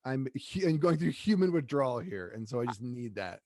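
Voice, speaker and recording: A man's voice: mid-range voice, very animated, brisk, mellow, dry recording. A man co-hosting a casual chat show, joking and rambling with repeated words. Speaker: co-host.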